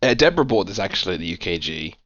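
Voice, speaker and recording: A man's voice: deep voice, big pitch swings, rapid-fire, a bit bright, no echo, muffled recording. A man co-hosting a board game podcast, chatting casually and rambling with lots of fillers and restarts. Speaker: podcast co-host. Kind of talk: casual chat.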